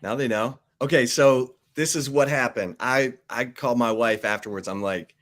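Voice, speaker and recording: A man hosting a casual sports talk show, relaxed and laughing along with his guest. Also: mid-range voice, moderate pace, hardly any pauses. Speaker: sports radio host.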